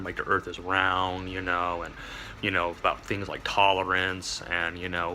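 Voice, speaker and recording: Rambling man with a bright, lively voice. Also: low-pitched, a little hiss or hum. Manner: rambling, digressive, wry, with chuckles and asides. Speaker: vlogger. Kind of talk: rambling monologue to camera.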